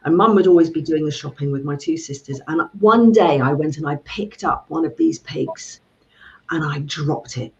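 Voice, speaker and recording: A woman's voice: low voice, normal speed. A middle-aged woman, a money coach chatting and telling stories, often acting out voices. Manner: animated storyteller, acts out voices. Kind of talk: casual video chat. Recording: dull lo-fi sound.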